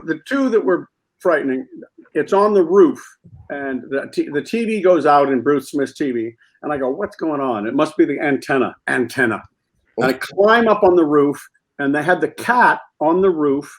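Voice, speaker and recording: Male guest, slightly high voice, lively anecdote teller who acts out scenes. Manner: animated storyteller acting out scenes. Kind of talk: anecdote on a comedy talk show.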